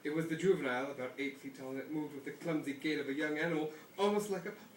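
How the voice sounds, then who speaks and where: Reading a novel aloud to friends inside a lakeside cabin, this man races along in a voice on the high side, frequently laughing with amusement. A distant mic picks him up in an echoey room, with a little hiss or hum.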